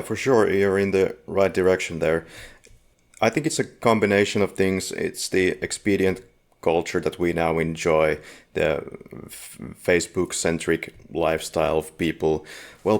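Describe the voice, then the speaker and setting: A man with a notably deep, low voice hosts a casual film podcast. He talks in a relaxed, conversational way, laying out background at length. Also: a little slow. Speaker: podcast host.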